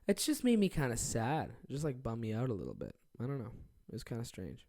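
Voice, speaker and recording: A man's voice: medium pitch, wildly swooping pitch, quick pace, creaky, warm tone. A young man hosting his own podcast alone from his office, rambling casually with lots of swearing and self-deprecating asides. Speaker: podcast host. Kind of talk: casual solo podcast chat.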